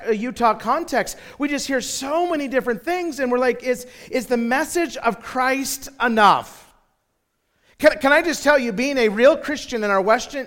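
Male preacher, animated storyteller who restarts and repeats words; high, bright voice. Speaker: pastor. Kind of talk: sermon with personal storytelling.

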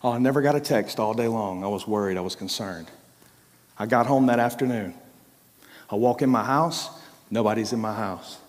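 A man giving a sermon testimony, telling his story emphatically with repeated phrases, rising to loud bursts and dropping to hushed, low passages. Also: normal speed. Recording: long reverb of a large hall.

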